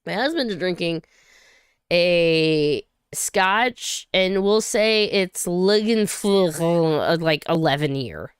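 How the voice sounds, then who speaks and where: A woman from Saint Louis hosting a casual livestream, chatty and quick to laugh and cheer, on a close home mic. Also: lowish voice, expressive, clean tone, no echo. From Saint Louis, USA. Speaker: livestream host.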